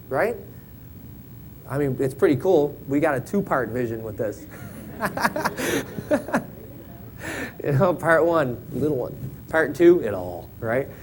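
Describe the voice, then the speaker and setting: A man's voice: fairly high pitch, very animated, a little slow, long pauses, a little hiss or hum, poor audio. A man in his thirties preaching a folksy, joking sermon in a church, often checking in with "right?". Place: church sanctuary.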